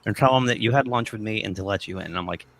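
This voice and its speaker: A man hosting a livestream and telling lively anecdotes over a video call. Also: lowish voice, rapid-fire. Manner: animated anecdote teller, quotes people in voices. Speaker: livestream host. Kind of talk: casual chat, storytelling.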